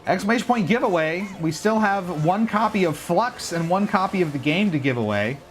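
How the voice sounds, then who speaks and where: A man's voice: high voice, lively intonation, fairly quick, soft background music. A man chatting casually to his viewers while playing a racing game on a livestream, rambling and talking straight to chat. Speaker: streamer. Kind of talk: casual livestream gaming commentary.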